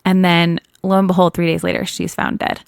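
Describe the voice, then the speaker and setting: A woman's voice: on the low side, level tone, brisk, creaky, smooth, no room sound. A woman co-hosting a podcast, casually retelling a case in a chatty way that is full of small corrections. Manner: chatty, laughs often, self-correcting. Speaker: true crime podcast co-host.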